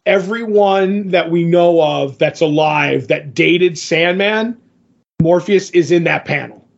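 A man's voice: on the high side, takes it slowly, vocal fry. A man co-hosting a podcast, chatting casually and rambling about a comic book, often restarting his sentences. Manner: rambling, restarts often, reads out quotes in little voices. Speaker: podcast co-host. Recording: dull lo-fi podcast audio.

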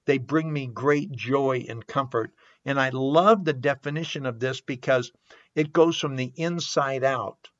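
An older man talks through a reflective recovery message at a very unhurried pace, dwelling on single words and repeating them. The sound is dry and close, with a slightly dull, muffled tone. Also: mid-range voice, fairly bright tone, dry recording. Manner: slow, earnest, repeats words and definitions. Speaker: podcast host.

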